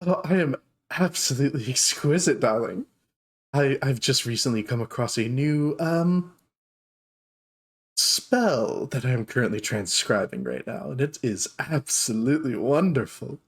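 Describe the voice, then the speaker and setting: A man voicing a flirtatious, posh dark elf woman who runs a magic shop, drawling endearments. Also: medium pitch, animated, a little slow. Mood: flirty, gushing. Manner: theatrical, drawling "darling".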